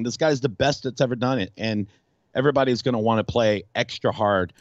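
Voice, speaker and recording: A male radio host in casual sports talk, animated and rambling, with frequent restarts. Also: medium pitch, brisk, no echo, highs cut off.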